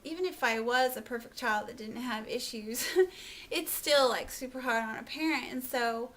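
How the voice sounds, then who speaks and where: A woman's voice: a little high, normal speed, fairly bright tone. A young woman at home telling an emotional personal story on camera, rambling with lots of "like" and laughing through tears. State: tearful. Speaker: vlogger.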